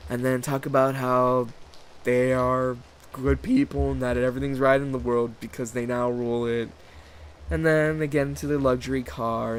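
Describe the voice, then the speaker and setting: A man's voice: medium pitch, slight background noise. A man hosting his own channel, rambling through a sarcastic, profanity-heavy rant and mocking other people's voices. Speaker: channel host. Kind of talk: rambling ranting monologue.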